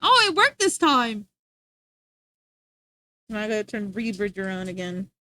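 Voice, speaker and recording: A woman's voice: mid-range voice, big pitch swings, measured pace, sharp tone, no room sound. A young woman streaming live, chatting casually with her viewers, giggling and rambling as she reads the chat.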